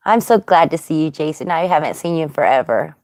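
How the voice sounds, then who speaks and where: A woman's voice: low-pitched, animated, fast, a little mellow, dry recording, clean studio sound. A woman hosting a casual livestream, chatty and greeting viewers by name. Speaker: livestream host.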